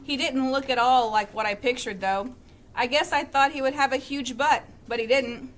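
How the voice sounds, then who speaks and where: A woman teacher reading a novel aloud to her class with steady storytelling and chatty asides to the students. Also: high voice, moderate pace, a little hiss or hum.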